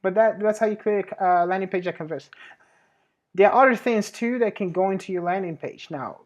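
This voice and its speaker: A web marketing advisor hosts a casual marketing tutorial in a medium-pitched, fairly quick voice. The delivery is chatty and self-correcting, full of restarts, and the host laughs while plugging their own services.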